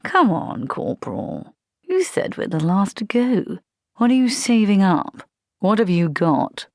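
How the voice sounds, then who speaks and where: A woman's voice: medium pitch, very animated, measured pace, vocal fry, dry recording, studio quality, voice pushed up. A woman voicing a sly male vampire soldier recruit who draws out his words for theatrical menace. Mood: probing.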